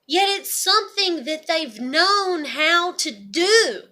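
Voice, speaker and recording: A woman's voice: extremely high pitch, animated, takes it slowly, pushed and bright. A woman, venting bluntly in a raw, profane, heartfelt monologue. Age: 30s. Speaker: vlogger.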